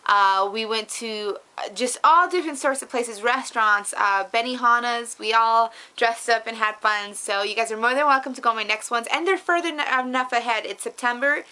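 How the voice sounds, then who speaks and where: A woman's voice: fairly high pitch, moderate pace, bright, forceful tone, clean tone. A middle-aged woman giving an upbeat weight-loss update in a casual vlog, bubbly and effusive, repeating words for emphasis. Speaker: vlogger.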